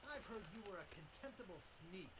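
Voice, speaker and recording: A cheeky young would-be pirate trades taunts in a video game. His pitch swings widely as he mocks. Game audio sits under loud noise. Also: expressive, a little fast. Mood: taunting. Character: cocky young male wannabe pirate. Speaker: game character.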